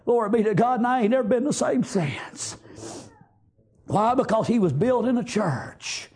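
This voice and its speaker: A preacher, delivering a fervent sermon in a chanting rhythm, often breaking into shouts. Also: male voice, sits high, lively intonation, normal speed, slightly rough.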